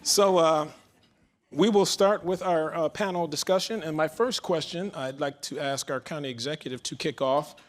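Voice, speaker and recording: Speaking at normal speed with a slightly high voice, a man holds a handheld mic at a large public forum in a big event hall. He's a moderator and organization leader, announcing and running things energetically.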